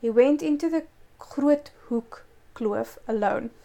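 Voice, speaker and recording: A woman's voice: a little high, slow pace, vocal fry, mellow. A woman telling a local ghost story in casual chat, breaking off to explain words. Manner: reads a story with laughing asides.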